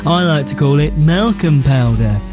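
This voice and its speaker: A man hosting a comedy sketch as a smarmy would-be seducer, slowing to a mock-sultry hush on the innuendo. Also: on the high side, expressive, over music. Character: smarmy would-be lover man, self-serious. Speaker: comic host playing a seducer.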